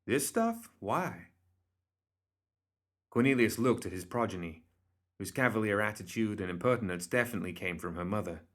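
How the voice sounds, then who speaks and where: Low-voiced male storyteller. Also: fast talker, a bit bright. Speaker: reader. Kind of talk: scripted narration.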